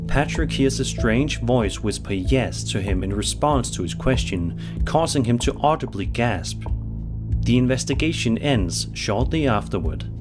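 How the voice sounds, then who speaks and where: A man reading scripted narration of eerie stories in a measured, even delivery. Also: medium pitch, over music.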